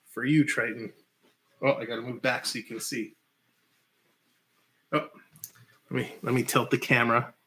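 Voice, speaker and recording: A man with a mid-range voice hosts a laid-back hockey live-stream, mixing play-by-play with chat. He breaks into shouts whenever a big play happens.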